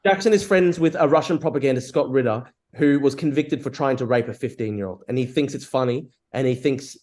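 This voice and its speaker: A man's voice: medium pitch, fairly quick, few pauses, a little mellow. A young man in a heated online debate, pressing his point with repeated accusations. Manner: accusing, hammering one point.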